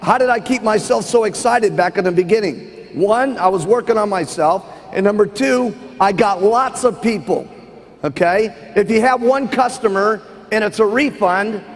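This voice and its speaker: A man's voice: sits high, normal speed. A man giving a motivational seminar speech as a business trainer, emphatic and forever asking "okay?". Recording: long hall reverb.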